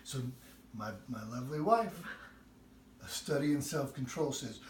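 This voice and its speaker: A man's voice: medium pitch, a little slow, long pauses. A man hosting a home cooking show, telling a funny family story while baking. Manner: animated comic storyteller. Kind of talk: cooking demo with anecdote. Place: home kitchen. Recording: echoey, distant room sound.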